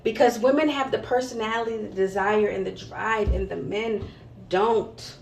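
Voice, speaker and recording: A woman's voice: medium pitch, moderate pace, vocal fry, darkish tone, slight background noise. A woman hosting her own vlog, talking straight to camera in a blunt, heavily profane monologue with emphatic asides to viewers. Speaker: vlog host. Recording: roomy echo.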